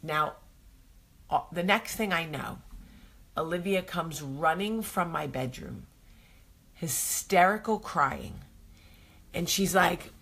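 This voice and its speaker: Chatty female host, deep and husky, unhurried, rambling with fillers. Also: fairly bright tone. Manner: rambling storyteller, many ums. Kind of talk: casual morning chat.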